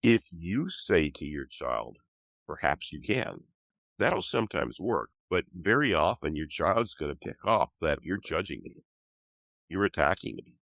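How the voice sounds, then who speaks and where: Older guy with a cold, super deep voice, calm teacher-ish explaining, dry sound. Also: measured pace, creaky, no room sound. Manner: patient, teaching tone. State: has a cold. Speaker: author and guest. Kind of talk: explanatory interview talk.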